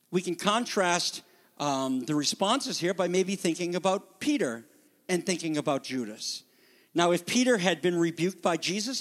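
A male pastor preaching a sermon in an animated way, briefly acting out the voices of people in the story. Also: on the high side, in a large hall.

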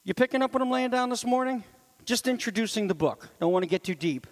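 Guy preaching a sermon, really high voice, chatty asides, big echoey hall. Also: fast talker. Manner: animated, swings from loud to near whisper; conversational asides to the congregation. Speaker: pastor.

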